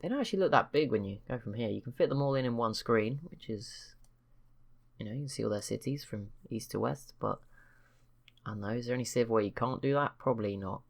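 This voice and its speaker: A man's voice: medium pitch, brisk, creaky. A man hosting a strategy game channel, chatting casually over gameplay with rambling, self-correcting remarks and wry teasing asides. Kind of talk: casual let's-play commentary.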